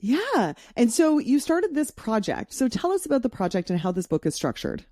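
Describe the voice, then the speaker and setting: Woman podcast host, encouraging, bouncy intonation, warm tone. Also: on the high side, very animated, moderate pace. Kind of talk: interview questions.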